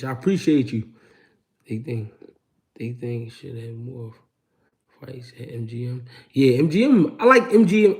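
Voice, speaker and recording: Dude hosting a chill livestream, slangy, mid-pitched, telling street stories. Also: male voice, a little mellow. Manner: slangy, laid-back street storytelling. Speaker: host. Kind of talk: livestream chat.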